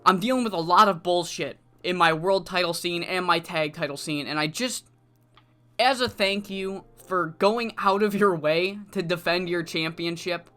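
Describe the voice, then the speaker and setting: A woman's voice: lowish voice, normal speed, bright, forceful tone, soft background music, pitched below the performer's own voice. A woman voicing a blunt male wrestling promoter who sounds exasperated and curses while telling a game story. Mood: grateful.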